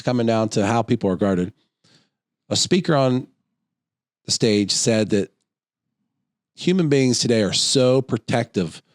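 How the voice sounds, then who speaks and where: In a dry, studio-quality recording, a middle-aged podcast co-host with a medium-pitched voice tells a long anecdote during casual conversation, animatedly acting out the voices of the people in his story.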